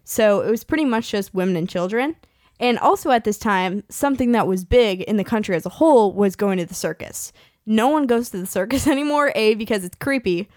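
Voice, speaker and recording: A woman's voice: medium pitch, expressive, brisk, a little mellow, dry recording, clean studio sound. A woman in her twenties from California, hosting a podcast in a casual, chatty way with lots of fillers and laughs. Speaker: podcast host.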